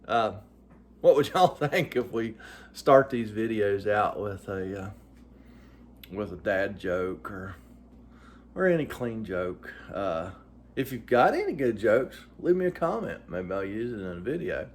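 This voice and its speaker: A man's voice: on the low side, very animated, a little slow, a little hiss or hum. A middle-aged man, talking to his vlog viewers in a folksy, joking way with lots of fillers. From West Virginia. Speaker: vlogger. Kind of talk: casual vlog talk.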